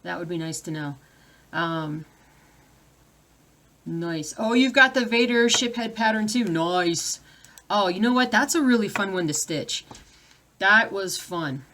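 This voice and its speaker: A woman's voice: mid-range voice, lively intonation, unhurried, long pauses, a bit bright, a little hiss or hum. A woman chatting casually on a live stream at home, reading viewer comments aloud and breaking off to deal with her dogs. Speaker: cross-stitch vlogger.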